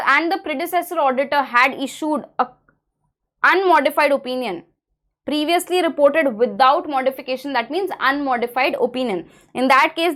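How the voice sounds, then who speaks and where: A woman's voice: sits high, a bit bright. A young Indian woman with an Indian English accent giving an exam-prep audit lecture, switching between English and Hindi as she explains. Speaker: audit teacher.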